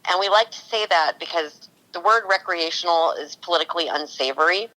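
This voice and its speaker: A woman's voice: on the low side, brisk, pushed and bright, low-quality recording. A woman working as a cannabis consultant for a TV show, talking enthusiastically in a casual podcast interview. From California. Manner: enthusiastic, storytelling.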